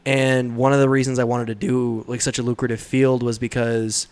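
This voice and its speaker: A young man chatting loosely on a podcast, mid-pitched and easygoing. He jokes around and slips into a louder voice when he quotes a comedian. His talk runs relaxed and unscripted. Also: moderate pace, clear, resonant tone. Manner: laughing, loose, acts out comedians' lines in a raised voice. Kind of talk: casual chat.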